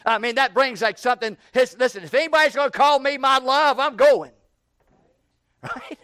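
A man preaching an evening sermon in a folksy way, repeating words and building up to shouted questions. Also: very high voice, moderate pace, clean tone, dry recording, studio quality.

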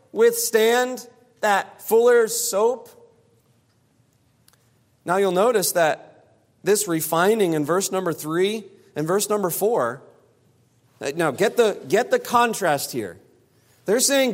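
A man delivers a verse-by-verse sermon, pressing his points with repeated phrases. His voice sits fairly high. The sound rings with a long hall reverb, as in a church sanctuary. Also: lively intonation, takes it slowly, pauses often. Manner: emphatic, repeats phrases for stress. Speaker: preacher. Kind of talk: expository sermon.

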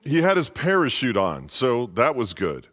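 A reluctant pilot, played by a man telling a joke, breaks news in halting, raised phrases. He hesitates before each line, in a delivery that stays deadpan. A long reverb trails behind him. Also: medium pitch, voice pushed up. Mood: hesitant.

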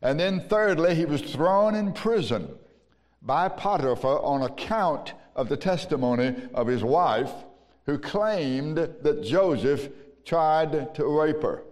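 A Southern American man preaching from the pulpit in a slow, deliberate cadence, his voice sitting a little high. His words ring out with the long reverb of a big church sanctuary. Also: lively intonation, a little mellow. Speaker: pastor. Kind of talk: sermon. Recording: long reverb of a large hall.

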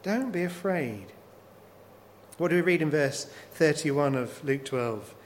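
A man's voice: a little high, animated, takes it slowly. A man preaching a sermon, working through scripture with repeated rhetorical questions. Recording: long hall reverb, faint noise.

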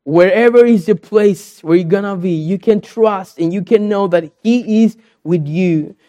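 A man's voice: high-pitched, measured pace, dark tone. A man from South America, a pastor preaching a sermon in earnest, repeated phrases, with a young daughter.

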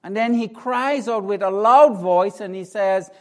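A man delivers a sermon as pastor, his voice pitched high. He speaks slowly, dropping to a hushed prayer and then building to emphatic, rising lines.

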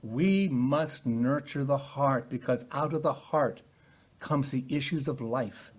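An older man with a husky, medium-pitched voice teaches from the Bible in a slow sermon style. His earnest delivery alternates between calm explanation and loud, pressing emphasis.

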